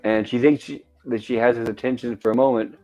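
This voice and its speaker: A man's voice: medium pitch, fairly even intonation, fairly quick, a little mellow, soft background music. A man hosting a casual commentary on an old TV episode, describing the scenes and reading quoted lines aloud. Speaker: show host.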